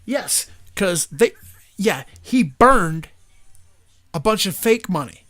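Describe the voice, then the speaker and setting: A man co-hosting a casual talk show, excitedly retelling a movie scene and acting out the characters' lines. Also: high-pitched, slow. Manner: animated, acts out quoted lines. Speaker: podcast co-host.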